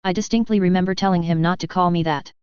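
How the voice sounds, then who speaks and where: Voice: mid-range voice, steady tone, fast, clean tone, no room sound, highs cut off, natural voice. A storybook narrator voicing a wary young woman hero who speaks curtly and guardedly. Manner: guarded, curt.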